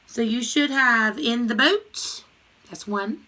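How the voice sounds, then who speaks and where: A woman teacher leading a recorded grammar lesson, calling out each word and its part of speech in a steady call-and-response rhythm. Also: a little high, takes it slowly.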